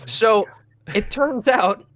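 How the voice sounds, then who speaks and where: A man's voice: high voice, takes it slowly. Profane young man telling a story. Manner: profane, animated, acts out his own lines in a loud voice. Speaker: podcast co-host. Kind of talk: casual storytelling.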